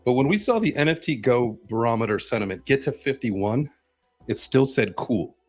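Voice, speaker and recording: A man hosting a casual group chat on a live stream, quick and upbeat, with loose fillers. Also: medium pitch, animated, faint music behind. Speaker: host.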